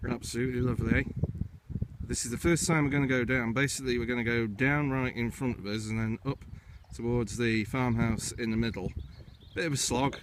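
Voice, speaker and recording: Out on windy hills, a man guides viewers on a hill walk as a hiking vlogger, chatting casually and frequently kicking off each next step of the route with "right." He speaks fairly quickly at a medium pitch with fairly even intonation, and background noise can be heard.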